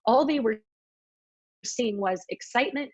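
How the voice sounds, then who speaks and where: A woman's voice: on the high side, unhurried, a little mellow, slightly rough, no echo. A woman co-creator of a web series, earnestly sharing her crowdfunding experience.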